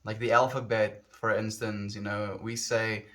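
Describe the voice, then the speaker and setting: A man's voice: on the low side, little pitch movement, unhurried, fairly bright tone. Rambling South African man streaming. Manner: rambling, self-correcting, reflective. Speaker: livestreamer. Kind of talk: casual chat with chat viewers.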